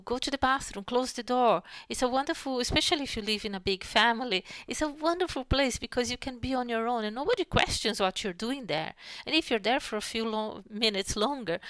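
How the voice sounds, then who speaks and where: A woman psychologist lectures online in a calm, measured way, easing into a soft, slow voice when she guides breathing exercises. Her voice is smooth and resonant, of middle pitch, and sits close to the microphone in a dry, dead room with no echo.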